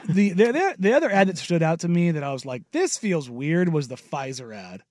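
A man's voice: a little high, sing-song, fairly quick, darkish tone, no echo. Sarcastic man on studio radio chat. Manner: dry, sarcastic, acts out voices in retellings. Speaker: radio co-host. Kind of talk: casual sports radio chat.

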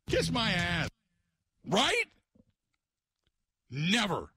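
A man hosting a talk radio show, ranting in an exasperated, animated way and putting on mocking voices. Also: on the high side, moderate pace. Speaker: radio host.

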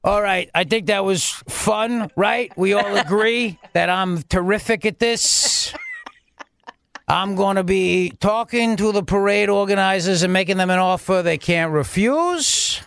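A radio host mocking a smug, boastful middle-aged male governor, in a slow, self-satisfied voice. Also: high voice, gravelly, a bit bright, smooth, no echo, full character voice.

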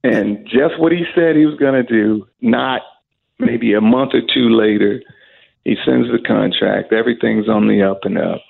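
Gravelly husky man on a tinny line. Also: on the low side, moderate pace. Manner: lively storyteller who acts out quoted voices. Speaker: singer, interview guest. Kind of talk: storytelling in an interview. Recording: tinny phone-line sound.

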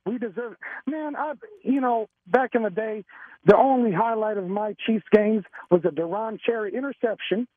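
A man's voice: sits high, moderate pace. A man calling in to a radio show, rambling and stammering with emotion. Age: 40s. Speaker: caller. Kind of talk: excited call-in chat. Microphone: telephone. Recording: tinny phone line.

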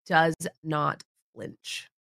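A woman narrating as game master in a tabletop game, relaxed and descriptive, and she corrects herself casually. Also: sits low, drawn-out words, gravelly, smooth, no room sound, clean studio sound.

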